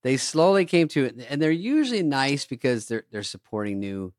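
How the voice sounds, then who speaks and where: A man's voice: mid-range voice, animated, normal speed, no room sound. A man hosting a casual chat, talking in wry, offhand remarks close to a studio mic. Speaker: podcast host.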